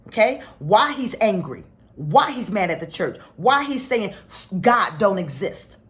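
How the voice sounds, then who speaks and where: Animated storytelling woman preacher. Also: mid-range voice, measured pace. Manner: animated storytelling, drops to near whisper for heavy moments. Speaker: spiritual teacher. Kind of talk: spiritual talk to followers.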